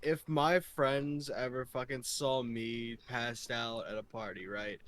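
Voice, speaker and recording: A man's voice: medium pitch, little pitch movement, slow pace, fairly bright tone. A man on a casual podcast making crude, joking asides. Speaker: podcast co-host. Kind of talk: casual chat.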